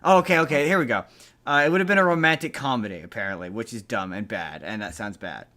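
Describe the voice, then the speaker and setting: A man's voice: medium pitch, fast talker, bright, forceful tone. Guy co-hosting a chatty podcast, rambles and restarts a lot, regular mid voice. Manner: rambling, restarts sentences, reads from articles. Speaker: podcast co-host. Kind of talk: casual chat.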